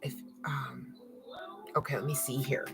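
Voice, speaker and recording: A woman giving live tarot readings to viewers, excitable and thinking aloud as she turns cards. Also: extremely low pitch, measured pace, gravelly, over music, rough recording. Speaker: tarot reader.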